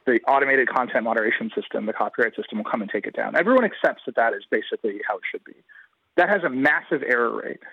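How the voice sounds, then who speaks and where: Speaking in long runs, a man offers analytical, emphatic guest commentary during a radio interview. He has a medium-pitched voice with a breathy edge and no echo, heard through a dull, lo-fi radio line.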